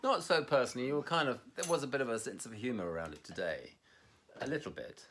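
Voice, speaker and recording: A man's voice: medium pitch, fast talker, fairly bright tone. A man co-hosting a casual conversation, rambling and self-mocking, laughing often at himself. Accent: Scottish. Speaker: podcast co-host.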